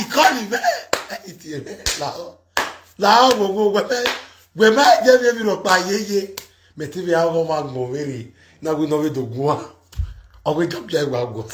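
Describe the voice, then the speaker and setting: Lively Nigerian Pidgin-speaking man host. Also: fairly high pitch, a little hiss or hum. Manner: animated, insistent, interjecting. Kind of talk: casual live-stream chat.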